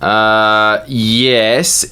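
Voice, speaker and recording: A man's voice: fairly low pitch, little pitch movement, drawn-out words, bright, forceful tone, smooth. A young man co-hosting a podcast, arguing his point in a casual, wry, playful way. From Australia. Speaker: podcast co-host. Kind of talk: casual chat.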